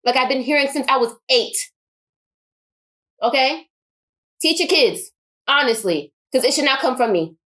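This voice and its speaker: A woman's voice: high voice, moderate pace, pauses often, sharp tone. A woman giving an impassioned personal monologue, emphatic and repeating her points for force. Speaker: vlogger.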